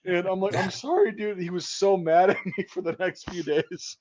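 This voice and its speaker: A man's voice: high voice, flat delivery, normal speed, crowd noise. A man in his thirties hosting a crude casual talk show, telling profane stories and laughing often. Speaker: podcast host.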